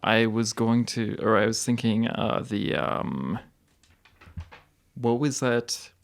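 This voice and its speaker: A man's voice: medium pitch, animated, takes it slowly, vocal fry. A man playing a tabletop game, hesitant and searching for words. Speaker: player. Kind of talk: casual tabletop role-play.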